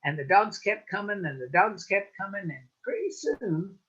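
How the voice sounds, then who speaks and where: A woman telling a folk tale with animated, rhythmic phrasing and a lively, swooping pitch. Her voice is slightly husky. She is heard over a video call with dull, lo-fi audio. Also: moderate pace. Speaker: storyteller. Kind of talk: oral storytelling.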